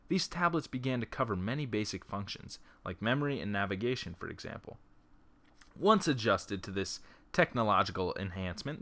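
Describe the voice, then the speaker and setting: A man reads an interactive story game aloud and keeps breaking off into joking side comments. His voice is bright and forceful, recorded on a laptop's built-in mic. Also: fairly low pitch. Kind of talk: reading a text game aloud with joking asides.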